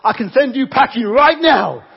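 A man's voice: extremely high pitch, expressive, normal speed, vocal fry, husky, highs cut off, pitched above the performer's own voice, full character voice. A man putting on a stern, menacing American border officer. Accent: put-on American.

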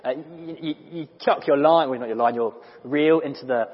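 Animated preacher in an echoing church. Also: male voice, on the high side. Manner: animated and conversational, with small restarts and quick asides. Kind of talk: sermon. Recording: dull lo-fi recording in a reverberant church hall.

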